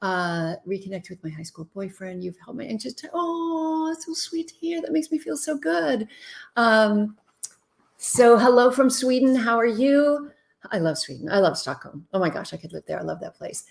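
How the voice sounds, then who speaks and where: A woman's voice: on the high side, lively intonation, moderate pace, vocal fry. Chatty woman hosting a live advice stream. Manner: chatty, reads out viewer comments and answers bluntly. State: tired after a long day. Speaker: relationship expert host. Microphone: webcam mic, moves toward and away from it.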